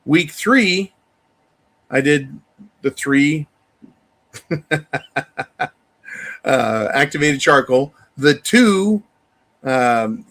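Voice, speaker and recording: A man with a fairly high, sharp and forceful voice hosts a casual live talk show. He rants bluntly and profanely, speaking straight to his viewers as he reads out their donations. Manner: addresses viewers directly. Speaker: livestream host reading viewer donations.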